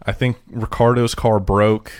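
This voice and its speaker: A man's voice: lowish voice, level tone, measured pace, smooth, dry recording, clean studio sound. A man co-hosting a podcast in casual chat, loose and talkative, swearing freely. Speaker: podcast co-host.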